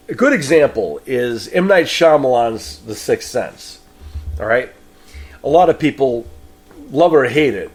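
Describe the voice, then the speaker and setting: Opinionated man. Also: mid-range voice. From Boston. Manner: opinionated, rambling, frequent restarts. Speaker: podcast host. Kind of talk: film review monologue.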